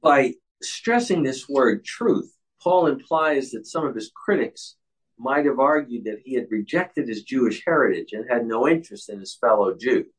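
A man's voice: mid-range voice, expressive, normal speed, rough recording. A man leading a Bible study, explaining a passage in an earnest way with frequent restarts.

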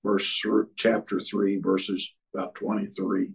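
A man's voice: low-pitched, flat delivery, a little slow, gravelly, breathy edge, far from the mic, poor audio. A man in casual discussion, talking hesitantly and searching for words. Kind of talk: casual chat.

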